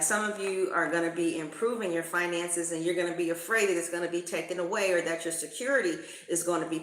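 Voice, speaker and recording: Brief: woman, casual tarot reader, blunt and profane, bright tone, roomy echo. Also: on the low side, a little hiss or hum. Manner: slangy, profane, emphatic.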